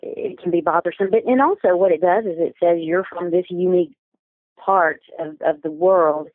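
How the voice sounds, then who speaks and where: A woman coach answering interview questions in a clear, articulate, teaching manner. Her voice comes through a thin, phone-like line. The sound is dry, with no room to it. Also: lowish voice, no echo. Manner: articulate, instructive, measured. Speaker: business communication coach, guest.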